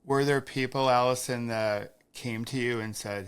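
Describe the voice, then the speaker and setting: A man's voice: mid-range voice, fairly even intonation, normal speed, fairly bright tone, clean tone. A man hosting a podcast, asking thoughtful, empathetic questions and sharing his own experience. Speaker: podcast host. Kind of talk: interviewing, conversational.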